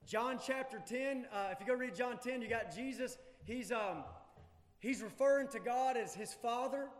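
A male pastor preaching a sermon in a church, emphatic, swinging from loud urgency to hushed intensity. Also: very high-pitched, normal speed. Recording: long hall reverb.

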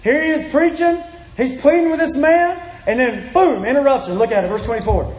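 A man's voice: very high voice, a little fast, roomy sound, low-quality recording. A man preaching a sermon in an earnest, pleading way, repeating his phrases and acting out the voices he quotes.

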